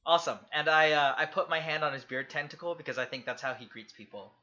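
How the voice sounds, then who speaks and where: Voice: medium pitch, fast, pushed and bright, dull audio. A player in a tabletop game, talking casually and upbeat about what the character does.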